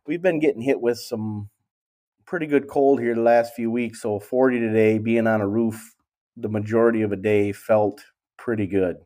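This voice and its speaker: A man's voice: lowish voice, steady tone, normal speed, warm tone. A man with a Wisconsin accent, an HVAC business owner, speaking as a guest in an easygoing way. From Wisconsin, United States. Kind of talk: casual interview.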